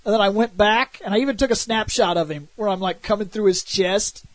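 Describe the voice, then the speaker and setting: A man's voice: sits high, brisk, dry recording. A man co-hosting a casual gaming podcast, telling stories with acted-out quotes and plenty of swearing. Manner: animated storytelling, acts out quotes, swears freely. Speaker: podcast co-host.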